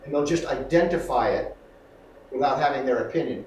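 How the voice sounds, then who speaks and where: A man's voice: medium pitch, brisk, slight background noise. A middle-aged man, an acting coach, explaining technique in an interview and animatedly acting out exchanges. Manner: animated, acts out quoted exchanges. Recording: echoey room, voice far from mic.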